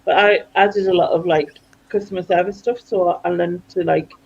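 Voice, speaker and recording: A woman's voice: fairly low pitch, steady tone, moderate pace, muffled recording. A woman with a North East English accent, chatting casually with friends as host, laughing often. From North East England. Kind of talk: casual group chat.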